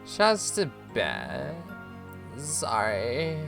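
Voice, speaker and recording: A man voicing a young woman rock singer who has taken drugs, speaking weakly, slowly and with slurred words. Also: mid-range voice, expressive, music in the background. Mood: weak, slurring. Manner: slow, weak, slurred speech.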